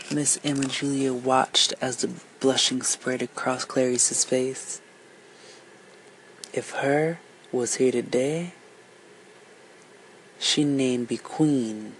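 A storyteller reading a folk tale aloud, unhurried and lilting, switching voices for each character. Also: mid-range voice, level tone, creaky, a little hiss or hum, low-quality recording.

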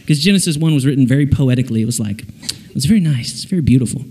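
A man giving a jokey, animated sermon to young people, acting out little voices as he goes. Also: medium pitch, very fast. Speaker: preacher. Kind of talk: lively sermon to a youth audience. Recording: long hall reverb.

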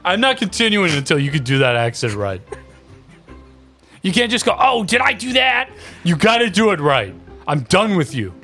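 A man's voice: fairly high pitch, very animated, normal speed, long pauses, fairly bright tone, soft background music. A young man co-hosting a casual podcast, trying to tell a story while trading joking insults with his friend. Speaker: podcast co-host. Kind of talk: casual chat.

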